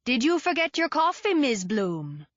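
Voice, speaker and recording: A woman's voice: high voice, sing-song, a little slow, no room sound, muffled recording, pitched above the performer's own voice, full character voice. A woman voicing a pleasant West Indian male driver with a lilting accent. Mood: curious. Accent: West Indian, put on.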